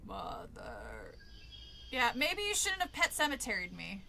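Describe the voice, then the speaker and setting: A woman playing a horror game and commenting aloud, chatty and quick to laugh as she talks back at what she sees. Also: high-pitched, very animated, gravelly, sharp tone, slight background noise. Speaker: video game streamer. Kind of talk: let's play commentary. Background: game music.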